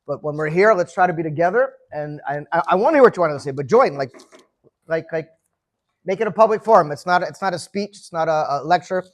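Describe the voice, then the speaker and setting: A man in his fifties, voice a little high, talks fast and expressively as he leads an informal farbrengen in a room full of gathered people. He's chatty and tells stories, often repeating words as a sentence gets going.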